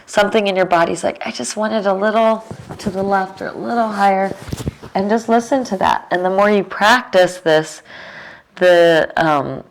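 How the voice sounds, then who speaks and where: A woman teaching a restorative yoga class, giving calm, unhurried cues with casual fillers. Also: fairly low pitch. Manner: slow, calm cueing with fillers. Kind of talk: guided yoga instruction.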